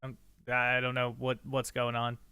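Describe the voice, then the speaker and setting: A tabletop player man on voice chat with a bright, crisp and smooth voice. He talks in a giggly, hesitant way. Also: mid-range voice, monotone, measured pace, dry recording. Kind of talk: casual play chat.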